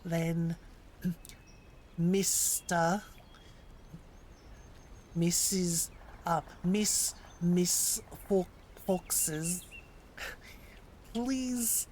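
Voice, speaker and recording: A woman playing a theatrical, teasing British woman teacher with a put-on British accent, quizzing in a drawn-out, mock-stern way. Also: on the low side, fairly even intonation, a little mellow, slight background noise. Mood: mock-formal.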